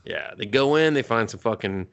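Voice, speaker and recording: A man's voice: on the low side, expressive, creaky, a bit bright, clear, resonant tone. A man co-hosting a movie review podcast, recapping a film with mocking sarcasm and constant swearing. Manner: mocking, swears often, acts out characters in quick voices.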